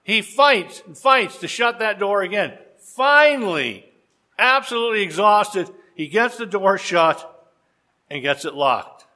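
A man preaching a sermon, telling a story with rhetorical questions and dramatic pauses. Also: high voice, expressive, pushed and bright.

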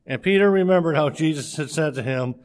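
Reading scripture aloud, a man keeps a steady, measured pace in a voice that sits on the high side, stumbling a few times along the way.

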